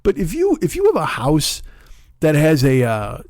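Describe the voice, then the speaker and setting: A man in his forties rants through a solo comedy podcast with a fairly high voice, swearing freely and losing his own thread. The sound is dry and close to the mic, with no room around it. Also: wildly swooping pitch, normal speed, a little mellow, no room sound. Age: 40s. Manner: profane, rambling, self-interrupting.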